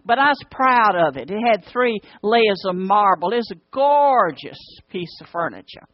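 A woman with an Alabama accent telling an earnest personal testimony, with long pauses. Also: medium pitch, very animated, no room sound. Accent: Southern US, Alabama. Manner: earnest storytelling, drawn-out pauses, fervent pleading in prayer. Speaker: speaker sharing a personal testimony. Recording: dull, lo-fi, dry recording.

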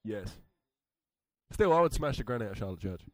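A man's voice: fairly low pitch, lively intonation, a little fast, no room sound. A man from Britain trading crude jokes and quips in a loose group chat. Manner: crude, joking, interrupts with quips.

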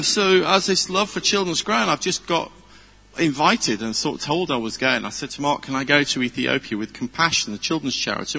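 A man's voice: a little high, vocal fry, sharp tone, husky. A middle-aged man, giving an informal, chatty sermon full of personal stories, earnest and self-deprecating. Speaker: preacher. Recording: long hall reverb.

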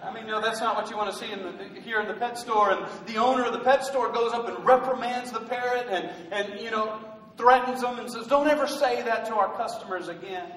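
A man's voice: very high-pitched, steady tone, fairly quick, a bit bright, a little hiss or hum. A male pastor preaching a rousing sermon, asking the congregation rhetorical questions. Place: large church hall. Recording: echoey hall from far off.

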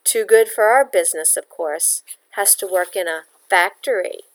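Woman doing a loud sneering landlady. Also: medium pitch, normal speed, clear, resonant tone, natural voice. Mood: scornful. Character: bossy older woman landlady, scornful.

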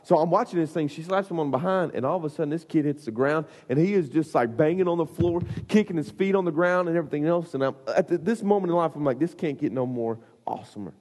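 Husky preacher in a big hall. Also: male voice, a little high, quick pace, hardly any pauses. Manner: animated, comic storytelling with lots of fillers. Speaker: youth pastor. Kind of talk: storytelling sermon. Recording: long hall reverb.

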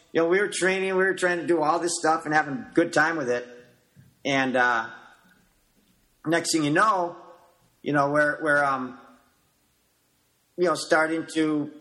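Middle-aged man telling martial arts stories. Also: medium pitch. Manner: animated storyteller who acts out his younger self in quotes; loose, rambling with many "you know" fillers. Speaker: guest, martial arts coach. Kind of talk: casual storytelling interview.

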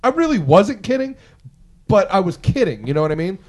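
A man spins a long, rambling anecdote in a loose group chat, swearing freely. He acts out the other people in the story as he goes. His voice sits a little high for a man. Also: brisk. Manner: rambling, profane, animated, acts out quotes. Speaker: podcast co-host telling a story.

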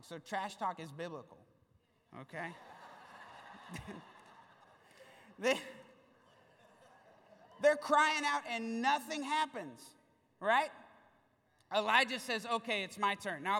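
A man preaching to a congregation, his high voice carrying through a large church hall. He tells the story in a lively, playful way, and the sound is bright with a long echo trailing off. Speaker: pastor. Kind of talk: sermon.

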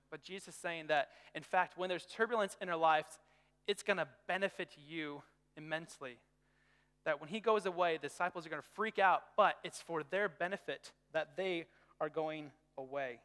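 A man preaching a sermon to young people in a lively, conversational way, with everyday stories. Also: a little high, normal speed, clean tone, in a large hall. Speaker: youth pastor.

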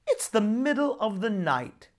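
A woman voicing a grumpy male water demon who shouts and roars, in a storybook reading. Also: on the high side, sing-song, measured pace, pitched above the performer's own voice. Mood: gloating. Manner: shouting and roaring.

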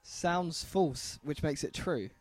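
Male co-host, high pitched, giggly, crude teasing questions, light music bed. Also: slow pace, a little mellow. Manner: giggling, posing cheeky hypotheticals. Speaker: podcast co-host. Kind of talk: casual crude banter.

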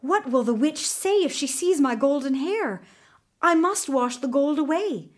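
A woman voicing a frightened young boy, high and pleading. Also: expressive, measured pace. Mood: worried.

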